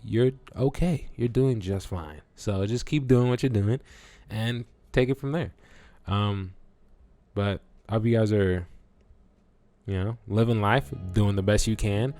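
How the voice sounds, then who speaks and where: A man's voice: lowish voice, darkish tone. A man vlogging in a loose, casual way, swearing and acting out his own reactions as he tells a story. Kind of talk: casual talk to camera.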